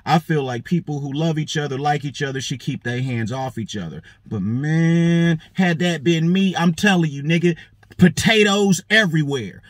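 A man's voice: on the high side, no room sound. A man hosting a show, telling a story in a profane monologue and acting out the lines of the people in it. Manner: animated, swears heavily, acts out quoted lines. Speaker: show host.

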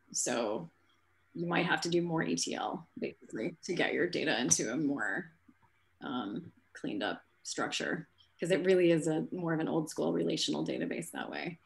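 A woman with a low voice gives a relaxed talk over a video call. She speaks casually and fills her pauses with frequent ums. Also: gravelly. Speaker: speaker at a tech meetup. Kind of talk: conference talk and Q&A answers.

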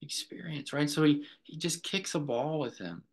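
A man's voice: fairly high pitch, normal speed. A middle-aged man, a clinical director, earnestly recounting a therapy session to a group and often checking in with "right?".

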